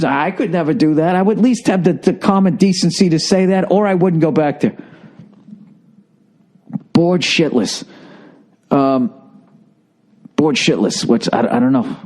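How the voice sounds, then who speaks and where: A man's voice: on the high side, lively intonation, unhurried, long pauses, darkish tone. A middle-aged man ranting profanely in a casual comic monologue, repeating words as he builds up steam. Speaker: podcast host.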